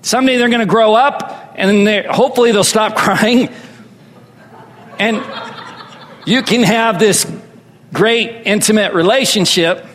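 A man's voice: sits high, a bit bright. A man preaching a sermon as pastor, drawing his congregation into call-and-response. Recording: long reverb hall.

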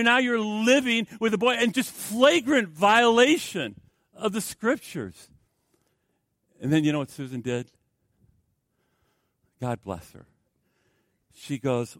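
A man preaching a sermon, telling stories and acting out dialogue, swinging from loud exclamations to hushed, near-whispered lines. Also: fairly high pitch, animated, moderate pace, long pauses, dry recording, clean studio sound. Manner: acts out quoted dialogue. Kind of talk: sermon with storytelling.

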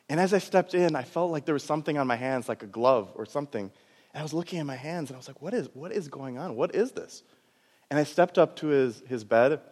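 A man who is a doctor preaching a sermon and telling his own story in an animated way, laughing at himself. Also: mid-range voice. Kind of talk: sermon testimony. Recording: long hall reverb.

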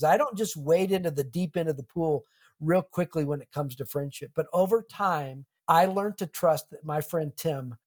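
Reflective middle-aged male pastor. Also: fairly high pitch. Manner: earnest, reflective, uses humor. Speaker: pastor and author, guest. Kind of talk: conversational interview.

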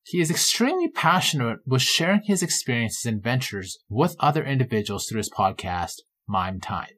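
A man's voice: mid-range voice, very animated, moderate pace, fairly bright tone. A man from Vancouver hosting a casual podcast interview, friendly and enthusiastic. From Vancouver, Canada. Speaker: podcast host.

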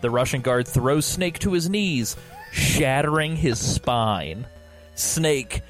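A man's voice: medium pitch, animated, takes it slowly, faint music behind. A man hosting a podcast who reads a fan story aloud with mocking, exaggerated emphasis. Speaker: podcast host. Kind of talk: comedic dramatic reading.

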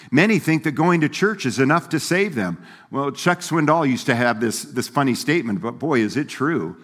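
A man's voice: medium pitch, animated, normal speed. A man preaching a sermon as pastor, in a folksy, conversational way, laughing and acting out quoted voices. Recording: long hall reverb.

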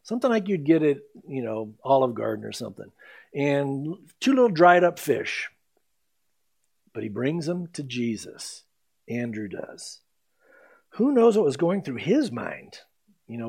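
A man's voice: fairly high pitch, sing-song, gravelly, a little mellow, slightly rough. Emphatic male preacher. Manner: emphatic, reads scripture aloud slowly, then explains. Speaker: pastor. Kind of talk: expository sermon.

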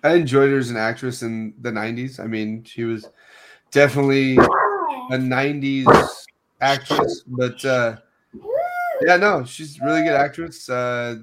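A man's voice: medium pitch, steady tone, normal speed, noisy background. A man chatting casually as a podcast co-host, hesitant and full of fillers. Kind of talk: casual chat.

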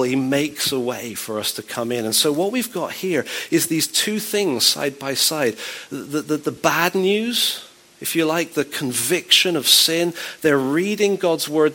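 A man's voice: a little high, animated, normal speed, a bit bright. A man preaching a sermon in a conversational, wry way, with playful asides.

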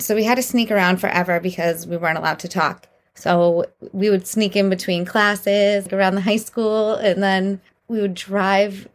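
A young woman hosting a podcast, telling candid dating stories in a casual, animated way and laughing through them. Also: mid-range voice. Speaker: podcast host. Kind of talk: casual storytelling monologue.

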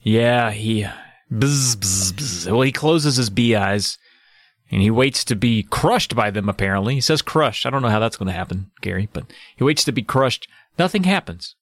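A man's voice: on the low side, animated, normal speed, dry recording. A man co-hosting a podcast, recapping a book's plot in loose, profane casual chat with little sound effects. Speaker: podcast co-host.

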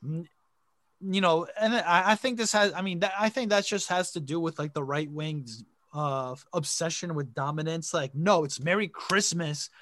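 Young man from Connecticut, higher voice, dry close sound, rambling casual podcast talk with swearing. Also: moderate pace, a bit bright, no echo. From Connecticut, USA. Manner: rambling, lots of "like" fillers, swears freely. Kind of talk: casual chat.

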